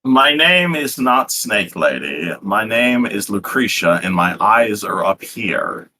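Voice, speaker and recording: A haughty, scornful snake woman, put on by a man game master, speaking low and bright. She cuts people off with cold disdain. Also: animated, takes it slowly, a little hiss or hum, heavily acted. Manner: haughty, cutting.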